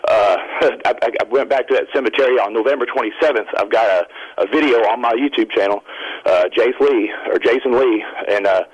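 A man calling in to a radio show, telling a long excited story in a rambling, self-interrupting way. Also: mid-range voice, fairly quick, breathy edge, muffled recording. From Indiana. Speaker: caller. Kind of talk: phone-in storytelling.

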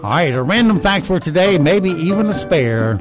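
A man's voice: sits high, big pitch swings, normal speed, over music. A man hosting a radio show, reading poll results and fun facts in casual banter, with dry little asides. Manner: wry, reads items aloud with dry asides.

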